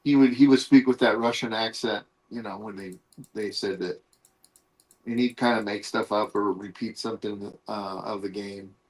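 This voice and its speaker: A man in a family interview who speaks hesitantly, his sentences trailing off quietly. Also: on the low side, steady tone, normal speed, poor audio. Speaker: family member, interview guest. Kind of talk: casual interview chat.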